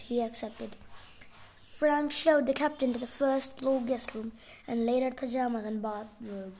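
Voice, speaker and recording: A woman's voice: fairly high pitch, dark tone, a little hiss or hum. A woman reading a novel aloud casually, sometimes stumbling and restarting words. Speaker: reader.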